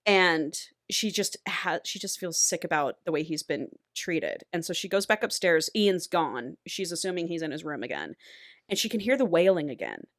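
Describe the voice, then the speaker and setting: Low-voiced woman recapping a book. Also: moderate pace, no echo, studio quality. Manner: animated storytelling, swears freely. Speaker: podcast co-host.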